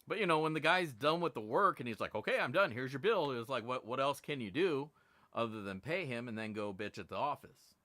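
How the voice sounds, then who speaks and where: A man's voice: medium pitch, animated, fairly quick, sharp tone, no echo. A middle-aged man hosting a live stream, telling a long, profane, exasperated story about being overcharged. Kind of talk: casual ranting live stream.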